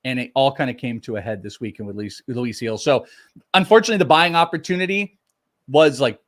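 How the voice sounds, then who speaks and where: A man co-hosting a live sports podcast, giving blunt, animated opinions in casual banter. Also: medium pitch, brisk. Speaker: fantasy baseball co-host.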